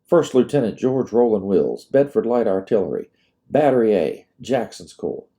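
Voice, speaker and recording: A man plays a polite young lieutenant speaking with old-fashioned formality. His dark, mellow voice rises and falls widely. This is a storybook reading. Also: on the low side, very animated, moderate pace. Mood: courteous. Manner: formal and courteous.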